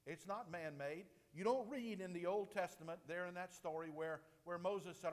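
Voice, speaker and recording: A man's voice: normal speed, hardly any pauses. Man preaching in an echoing hall. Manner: emphatic, rises and falls sharply in pitch and loudness. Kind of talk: sermon. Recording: long reverb of a large hall.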